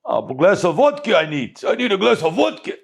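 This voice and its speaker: A man's voice: sits high, sing-song, a little fast, vocal fry, husky, pitched above the performer's own voice, exaggerated voice. A man voicing a demanding male governor who keeps asking for a drink, raised and insistent, within a story told in a talk. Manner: pleading, repeating himself. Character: demanding male local governor craving vodka.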